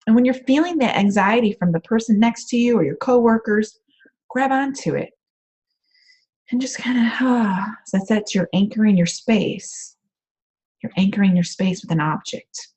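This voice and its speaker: A woman coach giving casual, rambling advice on a group call from her home office, with frequent "um" fillers. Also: medium pitch. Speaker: empath coach.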